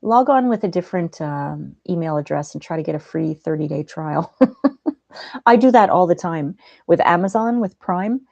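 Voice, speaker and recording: A woman hosting a livestream, chatting gently and reading out viewers' comments. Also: fairly low pitch, expressive, moderate pace, vocal fry, dry recording, highs cut off. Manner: soft-spoken, gentle, chatty. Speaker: livestream host.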